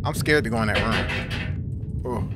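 A man's voice: lowish voice, moderate pace. A young man gives jumpy, slangy commentary while playing a horror game. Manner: jumpy, swears, slangy reactions. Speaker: gaming YouTuber. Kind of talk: horror let's play commentary. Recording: game music behind voice.

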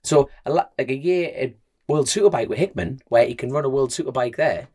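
Brisk and mid-range, this man's voice belongs to a motorbike racer who co-hosts a motorbike podcast. Chatting casually, he rambles through animated stories full of filler words.

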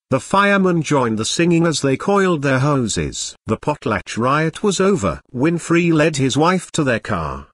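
Synthetic male narrator, husky, lively intonation, dry close sound. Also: medium pitch, no echo. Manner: synthetic text-to-speech reading. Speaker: audiobook narrator. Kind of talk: scripted narration.

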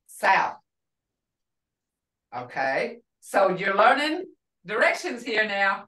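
An older woman teaching a language class, telling a family story in a rambling, warm-hearted way with restarts. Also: mid-range voice, very animated, slow, pauses often, distant mic. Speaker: language instructor. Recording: roomy sound from off the mic.

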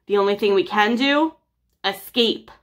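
A woman voicing a plucky young boy penguin spy in a storybook read-aloud, urgent and excited. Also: medium pitch, unhurried, close to an everyday voice.

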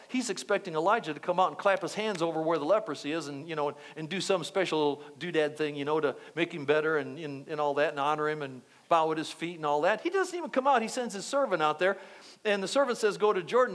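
A male pastor preaching a sermon, telling a story with lively acted-out quotes. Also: sits high. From United States. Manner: animated storytelling, acting out quotes.

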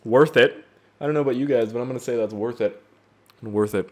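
A young adult man giving casual, jokey gameplay commentary, rambling and swearing with excitable outbursts. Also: medium pitch, brisk, long pauses, a little hiss or hum. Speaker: gaming YouTuber. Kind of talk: casual let's-play commentary.

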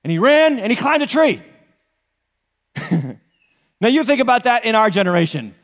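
High-voiced pastor preaching in a reverberant hall. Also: male voice, moderate pace. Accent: New England. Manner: animated, joking asides, rhetorical questions to congregation. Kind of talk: sermon. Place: church auditorium.

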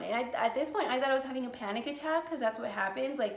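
A woman's voice: a little high, quick pace, few pauses, reverberant. A woman from the United States telling a casual storytime vlog, rambling with lots of swearing and filler words. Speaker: vlogger.

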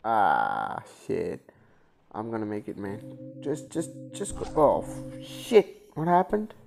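A man's voice: on the low side, huge pitch swings, takes it slowly, creaky, soft background music. A man playing a video game and commentating, muttering and swearing with panicky outbursts. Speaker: gaming channel host. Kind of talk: casual let's-play commentary.

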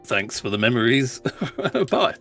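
Male player, gravelly tone, animated, joking delivery. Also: mid-range voice, slow, soft background music. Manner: joking, laughs between words. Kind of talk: casual chat at a tabletop game.

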